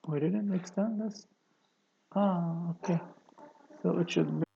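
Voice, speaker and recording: In dull audio with a little hiss or hum, an engineering tutorial presenter talks through a technical drawing on a screen recording. His voice is high-pitched, gravelly and mellow, and he goes slowly, one step at a time, peppering it with okays.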